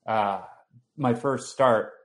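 A young adult man recounting a family story in relaxed conversation. He talks with an animated, anecdotal energy. His voice sits in an ordinary middle pitch. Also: extremely slow.

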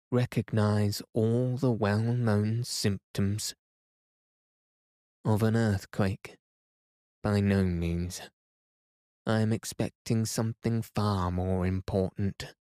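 A man voicing an unflappable older professor who speaks in a calm, measured, slightly provoking way. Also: lowish voice, no echo, clean studio sound.

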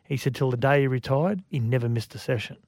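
An Australian man co-hosting a sports radio show, telling stories in a lively way and acting out quotes. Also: mid-range voice, fast, no echo, studio quality. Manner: lively storyteller, acts out quotes. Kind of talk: casual sports radio chat. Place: radio studio. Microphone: studio microphone.

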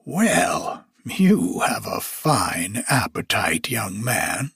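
A man voicing a cruel, scheming old witch woman who mutters in a hushed, menacing way. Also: lowish voice, very animated, extremely slow, creaky, breathy edge, dry recording, studio quality, exaggerated voice.

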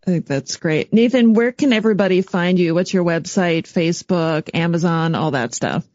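A woman's voice: on the low side, normal speed, darkish tone, no room sound. A woman hosting a podcast, interviewing a guest and reading the outro, laughing easily. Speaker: podcast host. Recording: slightly dull audio.

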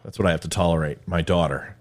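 Low-pitched and fast, with intonation that stays fairly even, a man from California talks to viewers in a rambling, casual monologue. He jokes around, often making himself the punchline.

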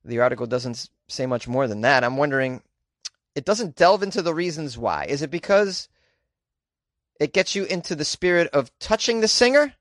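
Host type, man, riffs on news with rhetorical questions, fairly high voice, dry close sound. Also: sing-song, moderate pace, a bit bright, no room sound. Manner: rambling, rhetorical questions, joking. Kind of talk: casual news commentary.

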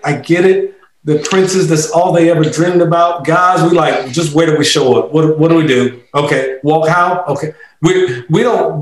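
Reflective man in a roomy echo. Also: fairly high pitch. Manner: reflective, anecdotal, teacherly. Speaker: author and panelist. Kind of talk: casual panel chat.

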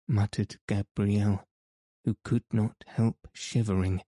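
A man reading a novel aloud as an audiobook narrator, in a measured, even manner. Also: lowish voice, no echo. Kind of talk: scripted narration.

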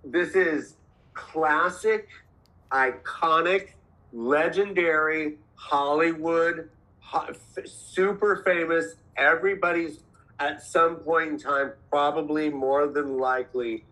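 A man's voice: on the high side, slow, pushed and bright, rough recording. A man guesting on a podcast in casual chat, talking emphatically with circling restarts.

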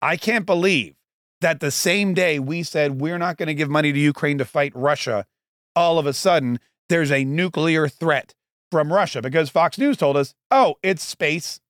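A man's voice: on the high side, normal speed, fairly bright tone, no room sound, clean studio sound. A man in his forties hosting a podcast, giving casual political commentary in a sarcastic, rambling way with mocking asides. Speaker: podcast host.

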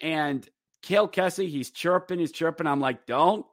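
A man hosting a podcast, rambling casually with fillers through a game recap and slipping into excited play-by-play. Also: on the high side, moderate pace, no echo, clean studio sound. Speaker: podcast host.

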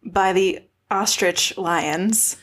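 A woman with a mid-range voice chats through an episode recap on a podcast. She is playful and jokey, tossing in quick quips as she goes. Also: mid-range voice, fairly bright tone. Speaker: podcast co-host. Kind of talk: casual recap chat.

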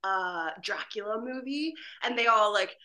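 Bright, giggly actress chatting. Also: female voice, medium pitch, measured pace. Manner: giggly, animated storytelling. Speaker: actress, interview guest. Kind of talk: casual interview chat. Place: home video call.

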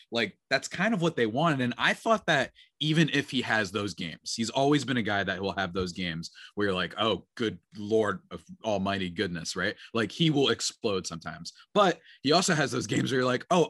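A man co-hosting a sports podcast, talking in an animated, excitable way and laughing easily. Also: medium pitch, no echo, clean studio sound. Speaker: podcast co-host. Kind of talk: casual sports podcast chat.

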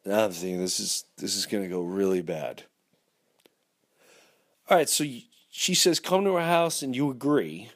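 A man hosting a podcast, telling a dramatic story in an animated, rambling way full of restarts. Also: high voice. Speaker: podcast host.

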